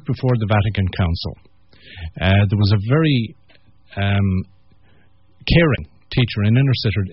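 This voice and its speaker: A man's voice: on the low side, breathy edge, dry recording, dull audio. A man hosting a live radio program, introducing tracks and guests in an easygoing, chatty way. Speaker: radio host.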